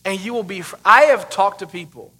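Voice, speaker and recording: A man in his thirties preaching a sermon as pastor, emphatic, with sudden loud bursts and rhetorical questions. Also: high-pitched, a little fast.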